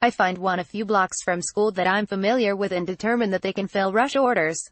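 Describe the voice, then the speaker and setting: Reading from a memoir, a woman speaks in a mid-pitched, even, measured way, with dialogue barely set apart from the narration. The audio is close and dry, without echo or room sound.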